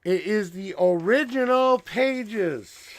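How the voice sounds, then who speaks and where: A man hosting a tarot livestream from home, talking in a loud, joking, rambling way. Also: high-pitched, animated, slow pace. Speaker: livestream tarot reader host. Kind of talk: casual livestream chat. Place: home room with door.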